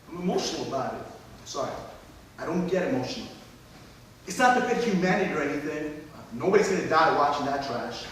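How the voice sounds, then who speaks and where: A scornful film snob rants and swears in a fairly high male voice, played by a man at a stage reading. It sounds distant and boomy, like a hall picked up from across the room. A faint hiss runs underneath. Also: a bit bright. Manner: indignant, ranting, profane. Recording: echoey hall, mic far off, faint hiss.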